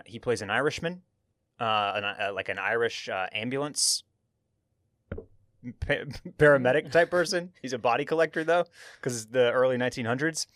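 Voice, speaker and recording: A man hosting a podcast, talking in a loose, rambling way and stopping to restart his sentences. His voice sits at a middle pitch. The studio sound is dry and close. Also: fairly bright tone, no room sound. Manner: rambling, self-correcting, many restarts. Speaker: podcast host. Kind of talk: casual chat.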